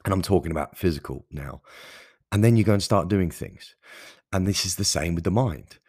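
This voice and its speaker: A man's voice: sits low, brisk, darkish tone, slightly rough, no echo, studio quality. A man hosting his own podcast, talking earnestly and passionately in a solo monologue, with emphatic stresses and frequent restarts. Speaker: podcast host.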